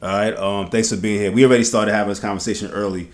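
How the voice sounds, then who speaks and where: A man hosting a podcast, telling stories in lively casual chat with slang, swearing and laughter. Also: on the low side, fast. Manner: animated storytelling, laughing, heavy slang and swearing. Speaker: podcast host. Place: podcast studio. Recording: echoey room.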